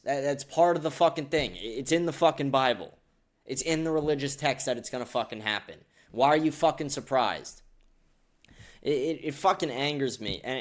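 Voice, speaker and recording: A man hosting a political podcast, ranting angrily with heavy profanity and repeated outbursts. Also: on the high side. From United States. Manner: profane, repetitive, shouting bursts. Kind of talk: angry ranting commentary.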